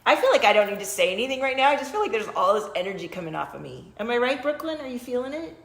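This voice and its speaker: A woman's voice: on the high side, big pitch swings, racing, vocal fry, a bit bright, echoey room. A woman hosting a casual spiritual livestream from her small home studio, pulling oracle cards for viewers, chatting loosely and now and then breaking into chanted light-language syllables.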